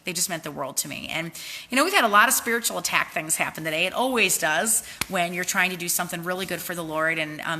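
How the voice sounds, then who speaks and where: Bright-voiced, sleep-deprived woman host, encouraging. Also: on the low side. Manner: earnest, heartfelt, encouraging with faith language. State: tired from lack of sleep. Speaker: host, network marketing team leader. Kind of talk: motivational livestream talk.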